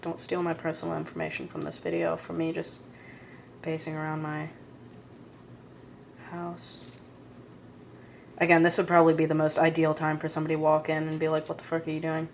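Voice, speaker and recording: Low-voiced woman rambling in her kitchen. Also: completely flat delivery, moderate pace, vocal fry, pauses often, noisy background. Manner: rambling, profane, muttering to herself. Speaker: vlogger. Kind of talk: casual self-filmed cooking vlog. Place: home kitchen. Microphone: phone held in one hand.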